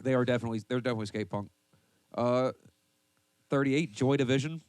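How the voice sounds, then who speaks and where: A man's voice: mid-range voice, quick pace, a little mellow, clear, resonant tone, no echo. A man in the middle of his range, reading down a list and groaning at it with profane mock outrage. His voice is dry and close, with no room sound behind it. He laughs often between items. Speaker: podcast host reading a list. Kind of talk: casual banter with heavy swearing.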